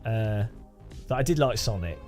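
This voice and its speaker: A man's voice: lowish voice, animated, normal speed, darkish tone, soft background music. A man from England chatting casually with his live-stream audience, laughing often and greeting viewers by name. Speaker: game streamer.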